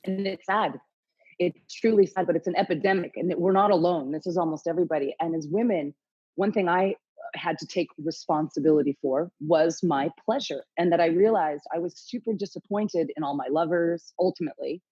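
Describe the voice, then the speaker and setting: A woman's voice: on the low side, brisk, dark tone, husky, dry recording, lo-fi sound. A woman in her late forties, a podcast guest telling her story frankly, swearing freely and acting out her own inner dialogue. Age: late 40s. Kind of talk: candid interview storytelling.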